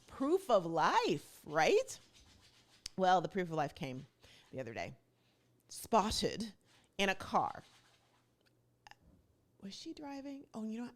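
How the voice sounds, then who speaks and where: A woman hosting her own vlog in a casual, chatty way, rambling and correcting herself with playful asides. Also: medium pitch. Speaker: vlog host.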